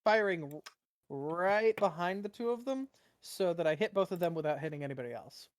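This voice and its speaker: A woman's voice: lowish voice, animated, fairly quick. A woman playing a tabletop game, matter-of-fact as she calls out her spell and rolls. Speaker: player. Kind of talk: casual tabletop play.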